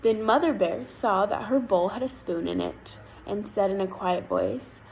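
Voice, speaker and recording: A woman telling a fairy tale with a lilting, expressive voice that sits a little high. She reads it aloud for listeners, shaping each line, with a faint hiss of noise underneath. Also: measured pace, low-quality recording. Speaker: storyteller.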